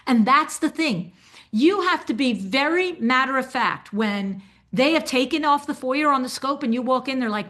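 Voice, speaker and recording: A woman's voice: high-pitched, normal speed. An older woman coaching designers in a webinar, talking animatedly and acting out client conversations as she goes. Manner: animated, acts out client dialogues. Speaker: business coach for interior designers. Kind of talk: webinar teaching.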